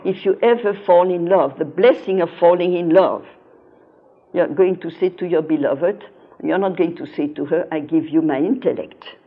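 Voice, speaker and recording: A woman's voice: fairly low pitch, moderate pace, breathy edge. An older woman giving a philosophy lecture, telling stories from her teaching and stressing key words with earnest emphasis. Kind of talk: lecture with personal anecdotes. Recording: dull lo-fi recording.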